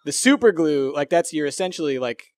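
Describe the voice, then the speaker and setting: A man's voice: a little high, lively intonation, fairly quick, no echo, studio quality. A man moderating a casual debate, laughing often and thinking aloud with many fillers. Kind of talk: casual podcast chat.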